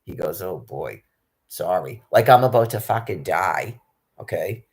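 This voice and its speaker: A low, gravelly man rants on and on, swearing constantly and breaking off mid-sentence to restart. He talks in a rambling, agitated monologue about life without a home. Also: animated, a little slow. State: homeless. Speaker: public access show guest.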